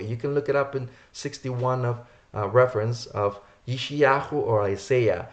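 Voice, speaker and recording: A man's voice: mid-range voice, normal speed, hardly any pauses. A man preaching a sermon, reading verses aloud and repeating key words for emphasis. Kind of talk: sermon teaching from scripture.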